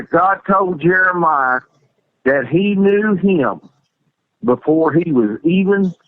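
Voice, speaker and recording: A man's voice: on the high side, no room sound. A man calling in to a radio show, earnestly quoting scripture. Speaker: caller. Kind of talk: call-in radio comment. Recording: tinny phone line.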